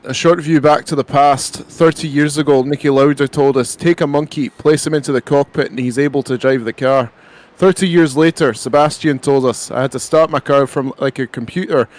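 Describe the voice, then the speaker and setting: A man's voice: on the high side, darkish tone, close to an everyday voice. A man putting on a thick Scottish reader. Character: Scottish man reading a long question.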